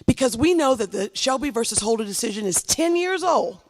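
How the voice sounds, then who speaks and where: A woman's voice: a little high, lively intonation, a little fast, in a large hall. A congresswoman giving an impassioned speech at a commemoration, repeating phrases for emphasis. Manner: impassioned, rising to rallying calls.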